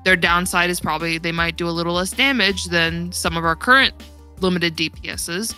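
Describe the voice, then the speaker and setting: Chatty young woman, bright voice. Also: lowish voice, fairly even intonation, brisk, clear, resonant tone, soft background music. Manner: chatty, rambling, laughs often. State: losing her voice. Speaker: podcast guest. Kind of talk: casual gaming chat.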